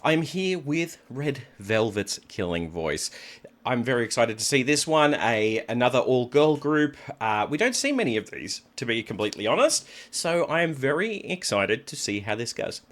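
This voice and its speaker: A man's voice: medium pitch, big pitch swings, moderate pace, fairly bright tone. A man hosting his own channel as a vocal coach, chatting casually and upbeat as he speaks straight to his viewers. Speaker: vocal coach reacting to music videos. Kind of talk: casual reaction commentary.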